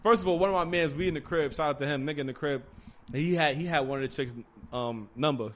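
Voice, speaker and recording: A man telling a rowdy story in casual chat, animated and slangy, breaking into loud laughter at times. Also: fairly high pitch, fast.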